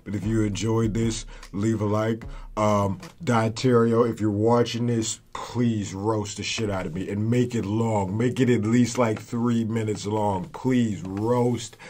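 A man's voice: fairly low pitch, fairly even intonation, unhurried, hardly any pauses, darkish tone. A man hosting a reaction video, talking casually and profanely to his viewers. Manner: laid-back, profane, chatty.

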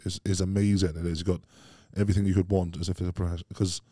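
Deep fast-talking Welsh man. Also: flat delivery, dark tone, no echo, studio quality. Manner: rambling, storytelling, peppers speech with "mate". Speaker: podcast guest. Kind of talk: casual chat.

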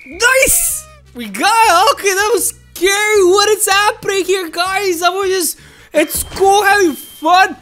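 A woman hosting a gaming channel, giving excitable let's play commentary and talking to viewers as "guys". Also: extremely high pitch, takes it slowly, soft background music.

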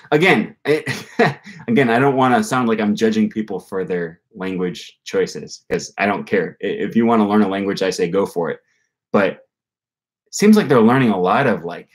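A man hosting a casual language-learning livestream, reading viewer comments and rambling with frequent restarts. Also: lowish voice. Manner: rambling, self-correcting, with frequent fillers and restarts.

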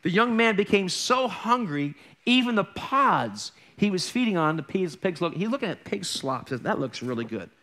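A man's voice: high voice, animated, moderate pace, bright, forceful tone. A man pastor preaching a sermon in a conversational way, with jokey asides and acted-out quotes.

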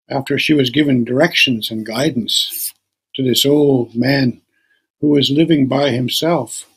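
A middle-aged male storyteller with a gravelly, husky voice set a bit high. He tells the tale in an unhurried, conversational way, often pausing with a casual you-know. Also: fairly bright tone. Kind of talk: oral storytelling.

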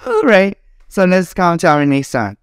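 Young teacher lady drilling words with kids, slightly low voice, bouncy melody. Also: a little slow, clean tone, clean studio sound. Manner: animated, repeats words for children to echo, laughs. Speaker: English teacher for children. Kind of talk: classroom drilling lesson.

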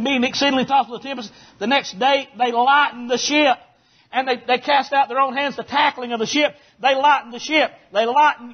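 A Baptist preacher, a man with a strikingly high, husky voice, delivering a folksy sermon full of joking asides that swells into shouted preaching. The recording is dull and lo-fi.

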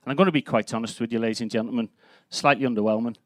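A man in his fifties with a broad Scouse accent delivers stand-up on a comedy club stage. His speaking pitch sits in the ordinary middle range. His manner is brash and sweary, with punchy storytelling, and his voice sounds dry and close with little room echo. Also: rapid-fire. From Liverpool, England. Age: 50s. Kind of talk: live stand-up set.

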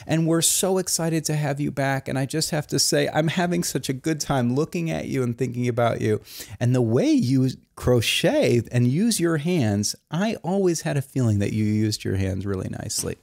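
A man's voice: medium pitch, animated, normal speed, gravelly, darkish tone. A man hosting a satirical comedy review show, talking in a mock-earnest, rambling way. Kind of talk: deadpan satirical monologue.

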